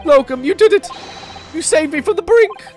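A woman voicing an excitable Japanese man, a visiting scholar who gushes in alliteration. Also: extremely high pitch, normal speed, soft background music, voice pushed up. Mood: elated. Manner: gushing, loves alliteration.

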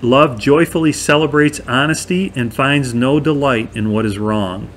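A man teaching through scripture verse by verse, talking in a conversational and emphatic way. His voice sits at an ordinary middle pitch. A faint hum of air conditioning runs behind him. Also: a little slow. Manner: conversational, emphatic, asks listeners "right?". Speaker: bible teacher. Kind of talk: verse-by-verse bible study.

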